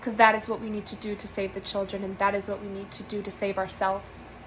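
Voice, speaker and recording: A woman's voice: medium pitch, little pitch movement, fairly quick, noisy background. A young woman giving an earnest spiritual monologue to camera from a small room, emphatic and repeating phrases for stress. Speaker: spiritual vlogger.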